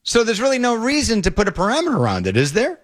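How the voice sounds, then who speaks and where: A middle-aged man hosting an opinionated talk show, animated and exasperated, often stumbling and repeating words. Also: sits high, rapid-fire. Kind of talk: opinionated talk radio commentary.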